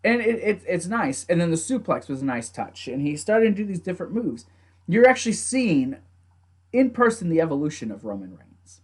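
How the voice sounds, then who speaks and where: A young man talks through a wrestling match in a loose, casual recap, his voice set a little high for a man. He gets animated and laughs easily, now and then slipping into quick acted-out lines from the wrestlers. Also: breathy edge. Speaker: wrestling show reviewer.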